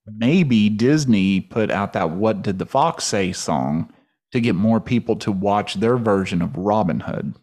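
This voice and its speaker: A man's voice: fairly low pitch, lively intonation, unhurried, darkish tone. A man bantering on a podcast, playful and joking.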